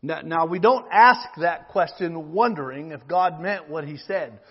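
A man preaching a sermon, reading scripture slowly and rising to loud, emphatic appeals to the congregation. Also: on the high side, breathy edge, long reverb tail, dull audio.

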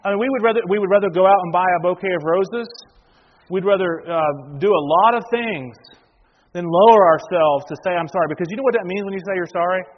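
A man preaching to his congregation in a slightly high voice. He keeps it conversational, asks the room questions and repeats his words as he works through a point. The recording is muffled, with a long hall reverb. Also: fairly quick. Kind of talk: sermon.

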